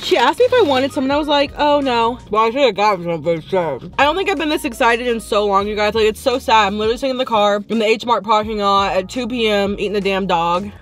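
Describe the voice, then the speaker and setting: A young woman vlogging from her parked car, chatting excitedly and swearing freely into a phone camera. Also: medium pitch, quick pace, few pauses. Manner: excitable, swears freely, bursts of loud glee. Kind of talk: casual vlog chat.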